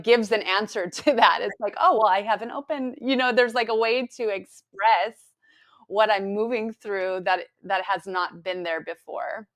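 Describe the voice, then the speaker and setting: A woman's voice: medium pitch, fairly bright tone. A woman from California, a guest in a casual spiritual conversation, speaking reflectively and searching for words. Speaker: guest sharing her spiritual journey.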